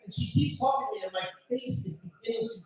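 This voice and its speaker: Loud animated stand-up comedian, echoey. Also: male voice, extremely high pitch, fast talker. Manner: loud, animated storytelling with shouted punchlines and mimicked voices. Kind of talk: stand-up set. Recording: echoey, distant live recording.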